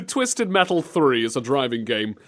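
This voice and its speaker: Animated British male host. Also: mid-range voice. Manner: animated, sarcastic, quick jokes. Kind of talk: comedic casual chat.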